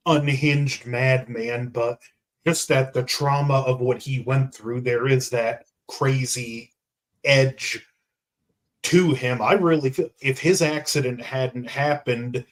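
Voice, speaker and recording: A man's voice: medium pitch, fairly even intonation, takes it slowly, low-quality recording. Thoughtful man chatting about a film. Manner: thoughtful and reflective, with many fillers of "like" and "just". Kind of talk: casual film review chat.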